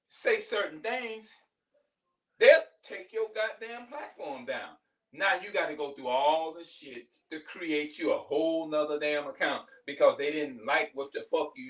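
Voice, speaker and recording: A man's voice: on the high side, fairly bright tone, far from the mic. A middle-aged man venting in a heated, profane, rambling monologue, repeating himself as he goes. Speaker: vlogger.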